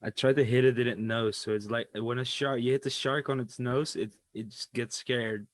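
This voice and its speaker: A man's voice: medium pitch, steady tone. A man playing a tabletop game, talking in a hesitant way. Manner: unhurried and hesitant, with fillers. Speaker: player.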